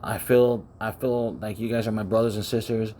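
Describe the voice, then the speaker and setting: A man's voice: on the low side, steady tone, normal speed, warm tone, slight background noise. A man preaching in a rambling monologue, often repeating words, speaking close to the microphone. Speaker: self-styled preacher.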